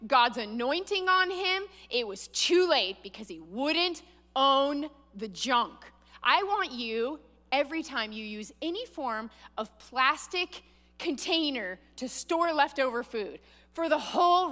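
A woman preaching a sermon, earnest and animated, acting out the quoted lines. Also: sits high, big-room sound. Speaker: pastor.

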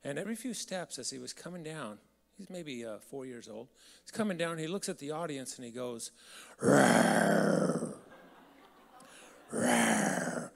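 A man tells stories to a live crowd in a large hall, his voice carrying a long echo. He speaks a little higher than most men and keeps it conversational, throwing questions out to the listeners. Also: expressive, brisk, creaky. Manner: conversational, asks the audience questions. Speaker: guest speaker. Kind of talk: storytelling talk to an audience. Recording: hall reverb.

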